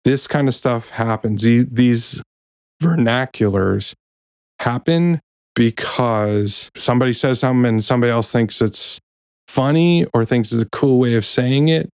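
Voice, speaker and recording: A podcast host chats loosely and corrects himself as he goes, wry about office jargon, then later reads aloud from his own book. His voice is medium in pitch, a little slow, and darkish yet clean. The recording is dry, with clean studio sound.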